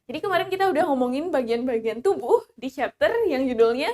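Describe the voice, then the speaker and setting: A young woman with an Indonesian accent teaching an English lesson, saying each line in English and then again in Indonesian, slowing down for the English. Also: high-pitched, animated, a little mellow. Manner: repeats each line in two languages, slow and clear in English.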